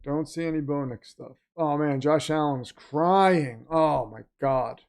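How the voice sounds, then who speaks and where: A man hosts a live-stream watch party and reacts to the chat in a chatty, sarcastic way. His voice sits a little high for a man. He jokingly plays the villain. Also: a little slow, vocal fry, darkish tone. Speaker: watch party livestream host reading chat.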